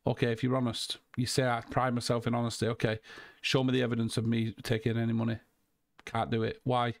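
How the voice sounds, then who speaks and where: A man's voice: medium pitch, completely flat delivery, a little fast, creaky. A man hosting a call, talking in a heated, emphatic way, swearing and repeating himself. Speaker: host. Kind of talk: heated casual call chat.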